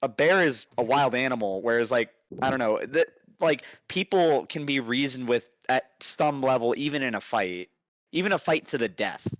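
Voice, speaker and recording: A man's voice: mid-range voice, expressive, normal speed, fairly bright tone, dry recording, muffled recording. Rambling, profane man hosting a casual chat. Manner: rambling, profane, with many restarts. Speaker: podcast host.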